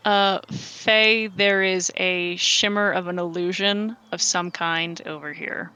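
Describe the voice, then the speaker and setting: A woman acting as game master of a tabletop game played over voice chat, chatty and quick to laugh, adding up rolls aloud. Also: fairly low pitch, steady tone, sharp tone, clear, resonant tone. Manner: chatty, adds sums aloud, laughs often.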